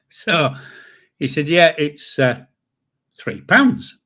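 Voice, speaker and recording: A man's voice: a little high, big pitch swings, drawn-out words, pushed and bright. A man, telling a rambling, salty anecdote on his live stream. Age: 60s. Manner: chatty, swears freely, chuckles through his stories.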